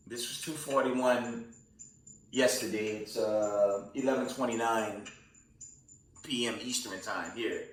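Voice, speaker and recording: A tired man talks through the week's news in a loose, rambling way. He stops often for fillers and restarts, and his voice sits at an ordinary middle pitch. The sound is roomy, and he is set back from the mic. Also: slow pace, pauses often, far from the mic. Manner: rambling, many fillers and restarts, calls listeners "family" and "man". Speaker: host of a news commentary channel. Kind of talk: casual news commentary with prophecy talk.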